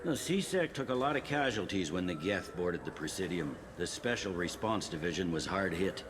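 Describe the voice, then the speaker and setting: An actor playing a blunt, pragmatic male police captain in a video game, talking in a gruff, matter-of-fact way. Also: deep voice, expressive, moderate pace, background noise.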